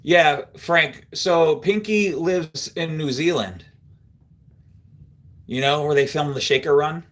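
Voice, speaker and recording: A man's voice: on the high side, slow, a bit bright. A middle-aged man from Central New York hosting a live stream, telling a rambling story to his viewers in a casual way, full of fillers and easy laughs. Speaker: livestream host.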